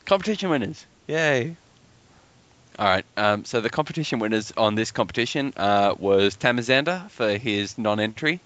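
A man with a fairly low but very bright, forceful voice, co-hosting a casual gaming podcast. He jokes around, laughs often and keeps steering the chat back on track. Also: animated, normal speed, hardly any pauses, highs cut off. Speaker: podcast co-host.

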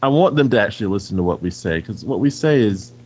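Lively teasing man, dull lo-fi sound. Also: lowish voice, quick pace, slightly rough. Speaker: podcast co-host. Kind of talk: casual podcast chat.

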